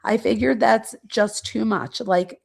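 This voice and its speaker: A woman reads a blunt, self-assured young man on a phone call, in a plain, matter-of-fact tone. The voice has a gravelly edge and stays close to her ordinary speech. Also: medium pitch, fairly even intonation, takes it slowly.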